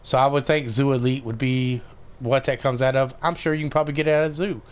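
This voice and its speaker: A man's voice: mid-range voice, fairly even intonation, fast, clean tone. A man giving casual, rambling commentary over a game tutorial, with many fillers and restarts. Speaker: gaming video creator.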